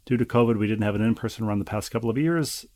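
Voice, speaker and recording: A man co-hosting a casual podcast, reading listener mail aloud and teasing his co-host in a wry, halting way. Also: on the low side, darkish tone, no room sound.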